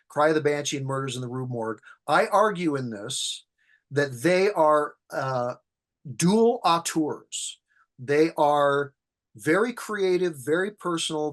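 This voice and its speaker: A man, a screenwriter and horror film expert, telling anecdotes as an interview guest and acting out the quotes. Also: on the high side. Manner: relaxed anecdotal storyteller who acts out quotes. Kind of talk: storytelling in an interview.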